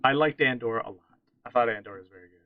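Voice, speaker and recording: Talking games on a casual podcast, this central Pennsylvania co-host is opinionated and keeps restarting his thoughts. He moves at a quick pace in a mid-range voice, and the audio is narrow and tinny with no echo.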